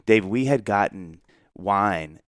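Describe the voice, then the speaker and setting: A man co-hosting a podcast, telling a long story in an animated way, acting out the voices of the people in it and laughing often. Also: fairly low pitch, takes it slowly, clear, resonant tone, no echo, clean studio sound. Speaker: podcast co-host. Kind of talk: casual storytelling chat.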